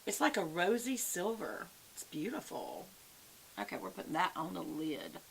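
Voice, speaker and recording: A woman's voice: on the low side, lively intonation, moderate pace, vocal fry, low-quality recording. An older woman with a Southern US accent, chatting folksy and friendly through a makeup tutorial. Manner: chatty, folksy, addresses viewers as y'all. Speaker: beauty vlogger. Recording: faint background hiss.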